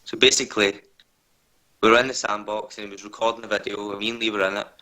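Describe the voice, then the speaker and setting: A nervous man speaking as an interview guest over a video call. His low voice has a bright edge, and he talks hesitantly, leaning on filler words as he tells his story. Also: little pitch movement, fast talker, poor audio. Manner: hesitant, full of "kinda" and "like".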